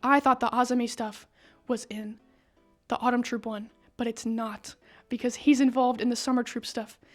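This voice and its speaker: A woman's voice: on the high side, fairly even intonation, normal speed, soft background music. A woman casually recapping a story for her video, slangy and profane, talking into a broken microphone in a room. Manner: slangy and profane, says bruh and brother. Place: indoor room with a whiteboard.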